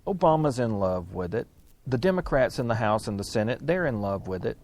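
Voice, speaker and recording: A male radio co-host in relaxed on-air chat, wry and easygoing, with a mid-pitched voice. He tells anecdotes with a dry sense of humor. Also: fairly quick. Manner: chatty, wry, laughs easily. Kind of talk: casual political talk radio.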